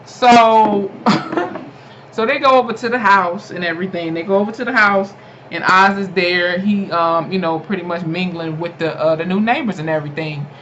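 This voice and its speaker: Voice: medium pitch, fairly quick. Chatty laughing recap voice, lo-fi. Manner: chatty and animated, laughing often, many fillers. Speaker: TV episode reviewer. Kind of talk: casual spoken episode recap. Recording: dull lo-fi home recording with faint noise.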